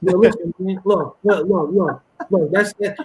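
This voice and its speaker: A man from Harlem tells animated stories in a casual podcast chat. His voice sits high and a little husky, and he breaks into laughter often. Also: unhurried, low-quality recording. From Harlem, New York. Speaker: guest.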